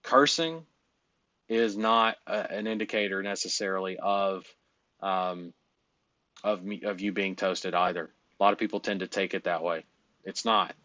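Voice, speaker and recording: A man's voice: deep voice, normal speed, sharp tone, no room sound, muffled recording. A man coaching in a casual, rambling way, blunt and full of fillers and cursing. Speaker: business coach.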